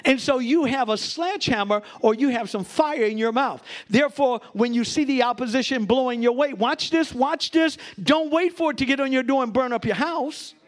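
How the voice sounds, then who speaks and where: A middle-aged man preaching a sermon to his congregation as their pastor, with shouted peaks and bursts of laughter. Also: extremely high pitch, brisk, hardly any pauses. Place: church before a congregation.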